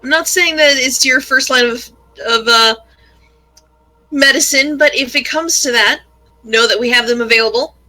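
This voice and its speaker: Woman player in character, polite and hesitant, high bright voice. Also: normal speed, faint music behind. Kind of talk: in-character tabletop role-play.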